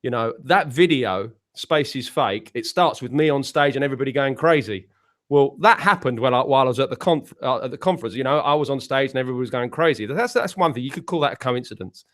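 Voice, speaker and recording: A musician guesting on a casual panel, a man from the United Kingdom with an English accent, tells long rambling stories with many restarts. He's a fast talker with a mid-range, slightly bright voice and lively intonation.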